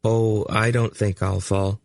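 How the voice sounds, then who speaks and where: A man's voice: fairly low pitch, flat delivery, takes it slowly, vocal fry, a little mellow, dry recording, studio quality. A male audiobook narrator voicing an eager, confident young boy in an earnest way.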